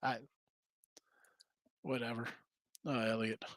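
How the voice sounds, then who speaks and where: Excitable sports betting host, bright voice. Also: male voice, mid-range voice, slow, dry recording. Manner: excitable, swears, talks to chat viewers by name. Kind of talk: casual betting picks talk.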